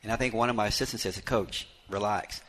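A man's voice: on the low side, fairly even intonation, rapid-fire, sharp tone. A man who is a head basketball coach, talking in a live radio interview in a folksy, storytelling way with lots of "you know" fillers, broadcast from a bar with fans around.

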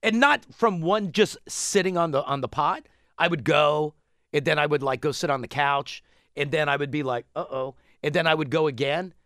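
A man in a casual chat, telling a long story in a rambling, animated way. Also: fairly high pitch, moderate pace, no echo, clean studio sound.

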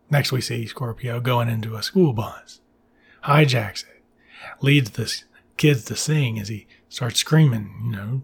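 A man with a gravelly, husky voice retells a movie's plot in loose, profane chat. He drifts into wry side remarks and second-guesses himself as he goes. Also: mid-range voice, moderate pace. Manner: profane, wry, rambling asides. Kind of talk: casual movie recap.

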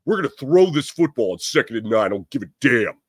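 A man doing an impression of a gruff, fearless football head coach who talks bluntly and defiantly. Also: medium pitch, sing-song, quick pace, no echo, clean studio sound.

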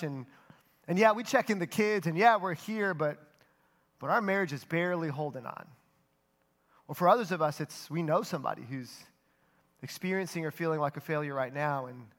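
A man preaching a sermon, telling the story earnestly and dropping his voice softly for emphasis. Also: high voice. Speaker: pastor.

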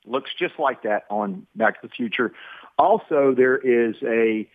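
A man's voice: mid-range voice, measured pace, no room sound. Folksy man calling in over a tinny phone. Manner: folksy rambling drawl, colloquial. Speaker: caller. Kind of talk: casual call-in chat. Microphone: telephone. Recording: tinny dry phone line.

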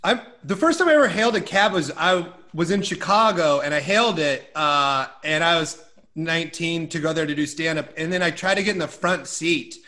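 A male stand-up comedian in casual chat who speaks haltingly, restarting often and swearing casually. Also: fairly high pitch, bright, forceful tone.

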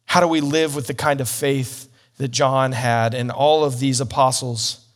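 A man's voice: mid-range voice, steady tone, measured pace. A man teaching the Bible as a sermon, telling a story earnestly with slips and restarts.

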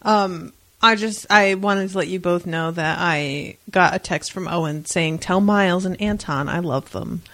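A woman's voice: lowish voice, measured pace, few pauses, a bit bright, no echo. A young woman co-hosting a casual podcast, retelling a comic story with wry, profane asides and quoted voices. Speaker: podcast co-host. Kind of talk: casual book-club chat.

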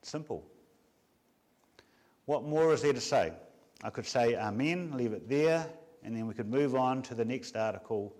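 A man, a pastor, preaching a Sunday afternoon sermon with measured emphasis and many rhetorical questions. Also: mid-range voice, a little mellow.

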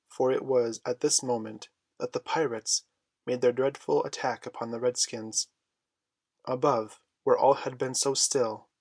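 A man narrating a storybook in a measured, expressive reading voice. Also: mid-range voice, breathy edge, no echo. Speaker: audiobook reader.

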